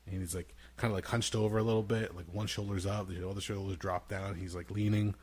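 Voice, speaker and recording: A man co-hosting a casual podcast, telling lively family stories and imitating his young son in a high voice. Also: fast talker. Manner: animated storyteller, acts out his toddler son in a high voice. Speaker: podcast co-host. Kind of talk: casual chat, storytelling.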